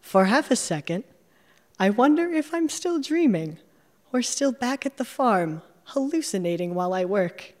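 A woman with an American Midwestern accent reading her personal essay aloud in a measured, reflective way. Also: on the high side, animated, darkish tone, big-room sound. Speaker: memoir narrator.

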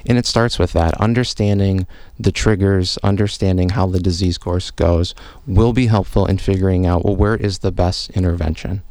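Deep-voiced man explaining calmly. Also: no echo. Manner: calm, measured, explanatory. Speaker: physician and professor, guest expert. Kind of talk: radio interview answers. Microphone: studio microphone.

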